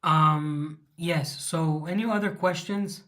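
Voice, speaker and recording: A man's voice: on the high side, slow, bright, forceful tone. A man from Southern California with a Chicano English accent, hosting a casual livestream Q&A. He rambles, answers viewers' questions and stops to restart his sentences, with many ums. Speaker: livestream host. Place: living in Russia.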